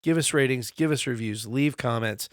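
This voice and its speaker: A man's voice: medium pitch, moderate pace, no room sound, studio quality. Profane, easygoing man in his forties. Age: 40s. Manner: loose, profane storytelling. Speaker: podcast co-host. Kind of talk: casual chat.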